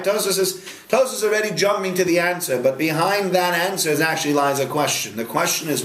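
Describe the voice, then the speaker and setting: A man, a rabbi, teaching a Talmud class in a study hall, firing questions at his students in a lively way. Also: a little high. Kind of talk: interactive Talmud lesson.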